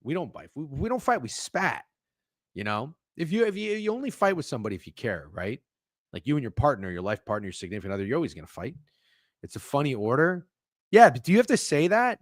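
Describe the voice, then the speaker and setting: A man's voice: mid-range voice, very animated, fast talker, no echo, clean studio sound. A man hosting a live stream, chatting casually in a rambling, profane, jokey way and reacting to chat. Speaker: stream host.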